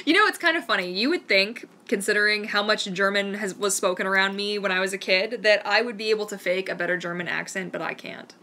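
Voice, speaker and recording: A woman's voice: medium pitch, a little fast, sharp tone, a little hiss or hum. A Canadian woman hosting a live-stream Q&A, chatting in a rambling, enthusiastic way. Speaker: mermaid vlogger hosting a live Q&A. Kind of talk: casual live-stream chat.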